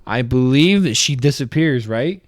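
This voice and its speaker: Young male podcast co-host, mid-pitched, animated and profane, dry close mic. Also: moderate pace, no echo. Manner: animated, swears a lot, acts out reactions. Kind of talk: casual spoiler review chat.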